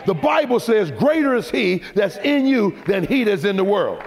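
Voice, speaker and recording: A man preaching a sermon, building to shouted, rhythmic declarations. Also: sits high, very animated, normal speed, gravelly, hardly any pauses. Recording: long hall reverb.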